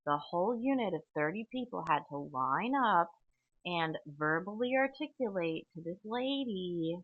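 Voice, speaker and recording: Low-voiced rambling woman, tinny dry audio. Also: animated, normal speed, no room sound. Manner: tangential, chatty, frequent "okay?" and fillers. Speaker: podcast host. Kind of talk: rambling solo podcast monologue.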